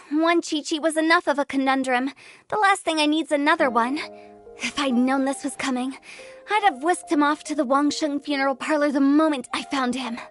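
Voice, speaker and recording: An actress playing a playful, teasing funeral parlor director who sighs theatrically. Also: female voice, high-pitched, normal speed, fairly bright tone, faint music behind. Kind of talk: game voice acting.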